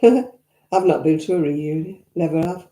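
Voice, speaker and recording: A low, mellow voice belongs to an older Northern English woman vlogging from home, speaking a little slowly. She chats and reminisces in answer to viewer comments, adding blunt remarks, with echo in the room.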